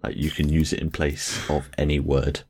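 A man with an exceptionally deep, low voice talks in easygoing podcast chat. He is chatty and fond of small jokes, and his talk wanders loosely with fillers as he goes. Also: little pitch movement, moderate pace, darkish tone, husky. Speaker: podcast co-host. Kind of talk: casual chat.

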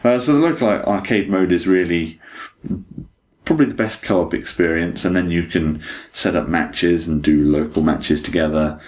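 Game podcast co-host: man, very low voice, enthusiastic casual reviewer. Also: moderate pace, darkish tone. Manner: enthusiastic, laughs often.

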